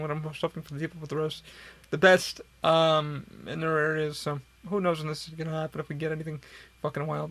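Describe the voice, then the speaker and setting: Podcast guy from upstate ny rambling, gravelly fry voice, kinda high, swearing a lot and sounding tired. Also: fairly bright tone. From upstate New York. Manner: profane, rambling, tired and yawning. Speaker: podcast host. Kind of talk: casual rambling monologue. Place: hot room at home.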